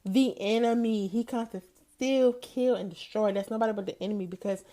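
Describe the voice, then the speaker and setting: A woman hosting a faith podcast, telling a personal story in a chatty, animated way and speaking straight to her listeners. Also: medium pitch, fairly quick. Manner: animated, chatty, addresses listeners as "you guys". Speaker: podcast host. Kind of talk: faith-based storytelling monologue.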